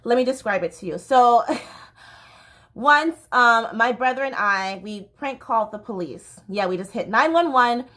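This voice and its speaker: A woman's voice: a little high, animated, measured pace, bright, forceful tone. A woman in her thirties, a dance teacher, telling personal stories in a candid, rambling way, full of fillers and restarts. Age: 30s. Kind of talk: personal storytelling vlog.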